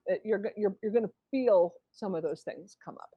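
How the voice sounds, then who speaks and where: A woman's voice: medium pitch, brisk, husky, dry recording, lo-fi sound. A woman author as a guest in a conversational interview, acting out inner voices as she explains. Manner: animated, acts out inner voices.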